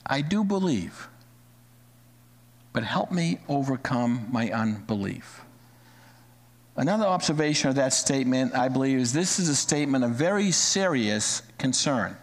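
A male pastor preaching a sermon to a live-streamed congregation, animated and repeating phrases for emphasis. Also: mid-range voice, measured pace. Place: church sanctuary, live-streamed. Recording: long hall reverb.

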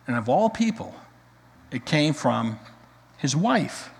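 A male pastor preaching a sermon, dramatic, swinging between loud emphasis and quiet, full of rhetorical questions. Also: fairly high pitch, slightly rough, long reverb tail.

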